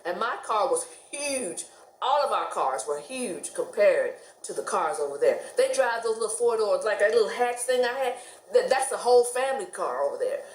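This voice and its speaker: A woman's voice: mid-range voice, normal speed, reverberant. Chatty American woman vlogging. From United States. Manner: chatty, laughs often, animated quoted voices. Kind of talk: casual storytelling to camera.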